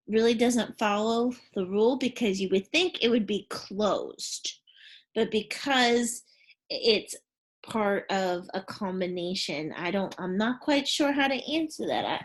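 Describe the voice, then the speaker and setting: A woman teacher leading a phonics and spelling lesson for young pupils, asking questions and encouraging them in a deliberate classroom manner. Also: mid-range voice.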